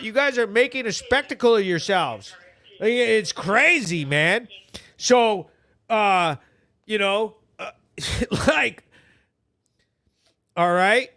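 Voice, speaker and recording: A man hosting a news show, ranting in loud, blunt, casual commentary with swearing. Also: high voice.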